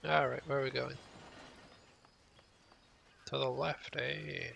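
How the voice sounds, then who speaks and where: A man's voice: mid-range voice, little pitch movement, takes it slowly, vocal fry, noisy background. A man chatting casually while he plays a game, rambling and mocking himself while stuck in a put-on accent. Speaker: game player. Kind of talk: casual gameplay commentary. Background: game music.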